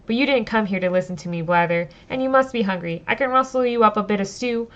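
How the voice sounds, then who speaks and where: A woman's voice: mid-range voice, quick pace, fairly bright tone, dull audio, lightly acted. A woman reading the lines of a chatty, welcoming village landlady, a little lighter than her own voice, without an accent. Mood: warm. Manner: read lightly, no Irish lilt imitated.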